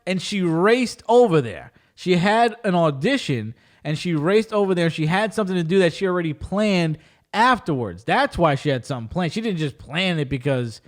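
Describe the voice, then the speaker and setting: A man's voice: high-pitched, moderate pace. A man hosting a casual podcast chat, telling stories with plenty of swearing. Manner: animated storyteller, swears freely. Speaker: podcast host.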